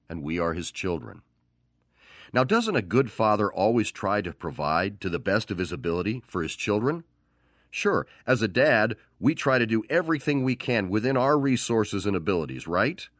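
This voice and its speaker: Guy preaching a sermon, lowish voice that swings up and down a lot, dry close sound. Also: dry recording. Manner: animated, acts out quoted voices.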